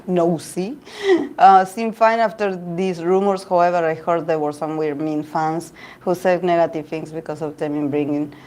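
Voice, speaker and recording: A woman host chatting casually about idol news, gossipy and quick to laugh, often restarting her sentences. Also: on the low side, darkish tone. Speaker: tarot reader and channel host. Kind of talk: casual chat reading live comments.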